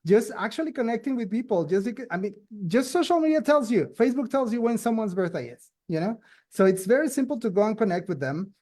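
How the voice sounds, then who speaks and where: A man's voice: high-pitched, lively intonation, quick pace, darkish tone. A man sharing social media tips in a casual online talk, chatty and full of "you know" and "I mean". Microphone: video call.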